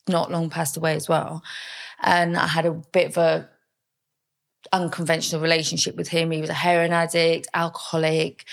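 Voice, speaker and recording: A woman's voice: lowish voice, vocal fry. A young woman speaking frankly and chattily as an interview guest, with plenty of fillers. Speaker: podcast guest, mother. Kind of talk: candid interview storytelling.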